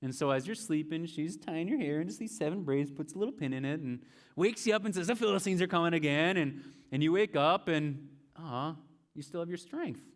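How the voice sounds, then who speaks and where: A man's voice: fairly high pitch, lively intonation, fairly quick. Casual, chatty male youth pastor. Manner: casual, chatty, tells it in second person. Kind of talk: storytelling sermon to students.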